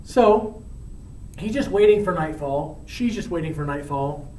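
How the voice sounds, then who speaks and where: A man's voice: a little high, lively intonation, unhurried, warm tone, slight background noise. A male teacher casually retelling a play, chatty and often checking in with "right?". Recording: roomy, from far off.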